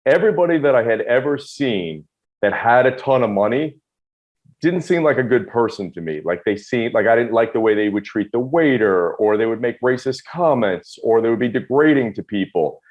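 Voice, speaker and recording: Guy in his 40s telling his story fast and blunt, laughing at himself, kinda muffled lo-fi audio. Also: medium pitch, expressive. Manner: rapid, emphatic, self-deprecating retelling. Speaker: guest. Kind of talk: candid storytelling interview.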